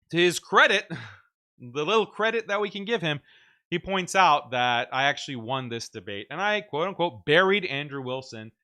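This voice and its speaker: Excited man hosting commentary, bright voice. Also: on the high side. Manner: excited, laughing, mocking quotes in a raised voice. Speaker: host. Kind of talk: casual commentary on a debate clip.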